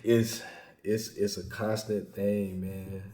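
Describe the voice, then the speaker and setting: Laid-back man with a dark, echoey sound. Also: lowish voice, takes it slowly, faint music behind. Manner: laid-back, affirming, lively bursts of emphasis. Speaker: podcast host. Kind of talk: casual interview chat.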